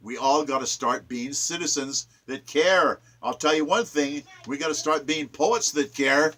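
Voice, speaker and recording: Fiery, sharp-voiced ranting man. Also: a little high, unhurried. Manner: ranting, preachy, emphatic. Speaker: poet reciting and explaining his sonnets. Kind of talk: impassioned political commentary.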